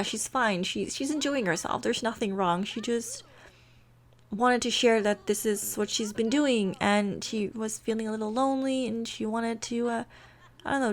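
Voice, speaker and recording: Brief: woman storyteller, casual and rambling, narrating her game characters' drama. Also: a little high. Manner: rambling, full of fillers. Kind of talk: casual storytelling over gameplay.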